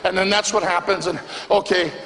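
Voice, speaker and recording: A male stand-up comedian telling an animated story on stage, acting out the people in it with exaggerated voices. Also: high voice, brisk, creaky. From Greek family background. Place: comedy club stage before a live audience. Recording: live club recording with hall reverb and crowd noise.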